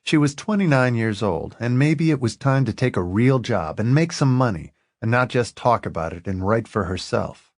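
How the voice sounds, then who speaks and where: A man narrating an audiobook in an expressive, lively reading. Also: mid-range voice, normal speed, no echo, clean studio sound.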